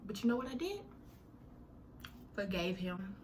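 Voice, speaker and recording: A young woman telling a personal story in a casual, animated way, full of slang and dramatic retellings. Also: mid-range voice, unhurried, a little hiss or hum.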